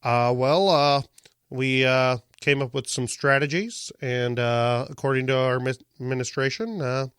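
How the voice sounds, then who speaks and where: A man putting on the voice of a measured, halting male politician who pauses often. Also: mid-range voice, fairly even intonation, a bit bright, clear, resonant tone, dry recording, pitched below the performer's own voice, lightly acted.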